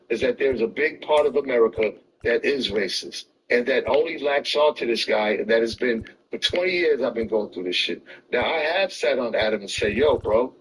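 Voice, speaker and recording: A man's voice: medium pitch, a bit bright. A man arguing heatedly in a debate, pressing and repeating his questions. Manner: argumentative, repeats questions insistently. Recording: distant voice with faint background noise.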